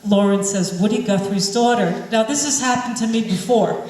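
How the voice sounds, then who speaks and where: A woman telling a lively stage anecdote, laughing and acting out the voices of others. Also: medium pitch, normal speed. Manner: animated, laughing, acts out other people's voices. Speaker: panel storyteller. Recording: echoey hall, distant mic, faint noise.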